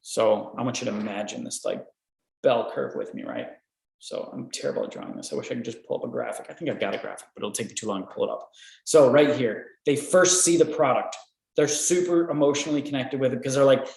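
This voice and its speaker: Animated licensing coach in an echoey room. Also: male voice, medium pitch, quick pace, gravelly. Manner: energetic, repeats "right?" often. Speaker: licensing expert answering inventor questions. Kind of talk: live Q&A coaching.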